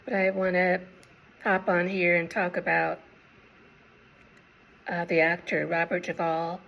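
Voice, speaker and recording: A woman in her sixties tells a personal story in a casual, unhurried way, pausing often to recall details. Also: on the low side, completely flat delivery, vocal fry, fairly bright tone, rough recording. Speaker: vlogger.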